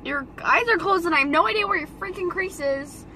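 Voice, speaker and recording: A teenage girl doing her mother's makeup in a car, bossy and teasing, with sudden loud outbursts and giggles. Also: very high voice, fairly quick, slight background noise, low-quality recording. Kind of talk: casual playful banter.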